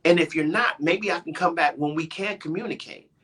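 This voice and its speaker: A man's voice: a little high, fairly quick, breathy edge. A middle-aged man hosting a radio talk show, arguing his point emphatically and restarting his sentences as he goes. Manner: animated, emphatic, often interrupting himself. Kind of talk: heated casual debate.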